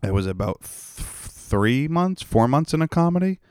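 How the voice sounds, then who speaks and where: A man's voice: medium pitch, big pitch swings, moderate pace, darkish tone, clear, resonant tone, no echo, studio quality. A young man hosting a podcast, rambling and ranting in a profane, sarcastic way. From Rhode Island, United States. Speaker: podcast host. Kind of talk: casual solo podcast rant.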